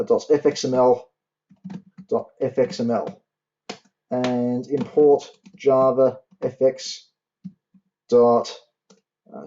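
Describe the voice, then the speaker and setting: For a university coding tutorial, a young man types and explains each line in turn, deliberately slowing to spell out the syntax. He speaks in a dark, mellow voice of medium pitch. Clicks and typing fill the background of a dull, lo-fi recording.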